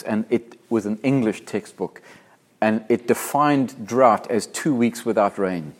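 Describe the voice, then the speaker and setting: An earnest man from Africa preaching to his congregation, with a voice of middling pitch. He speaks with conviction and presses hard on key words. When he reads scripture, he slows down and lets his voice rise. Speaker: pastor. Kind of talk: sermon.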